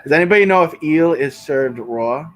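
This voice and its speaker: This bedroom livestreamer speaks at normal speed in a fairly high, animated voice. He goes through viewer comments, squabbling with chat and swearing frequently.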